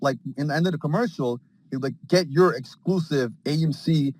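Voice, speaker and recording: A man in casual group chat on an audio call, rambling excitedly with lots of slang and acting out scenes. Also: fairly high pitch, normal speed, dry recording. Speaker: space call participant.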